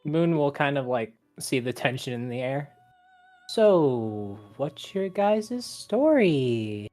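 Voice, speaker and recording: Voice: mid-range voice, expressive, slow pace, a little mellow, soft background music. A player in a tabletop role-playing game, talking casually with fillers and describing their character's actions.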